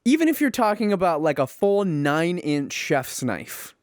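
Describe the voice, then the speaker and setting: A man's voice: a little high, sing-song, a little slow, dry recording, studio quality. A young man co-hosting a podcast, arguing his side in a rambling, confident way. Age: young adult. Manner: rambling, lots of "like" fillers, confident. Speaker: podcast co-host. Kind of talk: heated casual debate.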